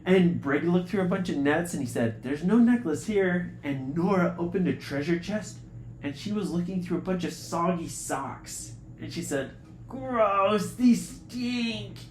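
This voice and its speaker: Guy telling his kids a bedtime story, lively, slips into high voices, echoey room with a little hiss. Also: moderate pace. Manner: animated, jumps into high voices for characters. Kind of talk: bedtime story told to children.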